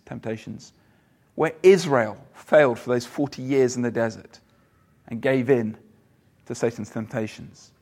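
A man preaching a sermon in a conversational way, asking his listeners questions and pausing on fillers. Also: mid-range voice.

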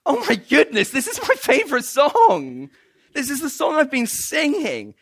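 A man voicing a humble male disciple who is quietly amazed, musing aloud during a sermon story. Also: high-pitched, huge pitch swings, unhurried, vocal fry, breathy edge, voice pushed up, heavily acted. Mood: delighted.

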